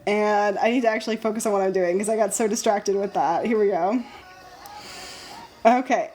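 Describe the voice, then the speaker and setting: A young woman chatting casually on a live stream while she works on her art. Her voice sits high and swings all over the place. She talks in a bubbly, excitable way, often breaking into squeals. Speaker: live-stream host and sticker artist.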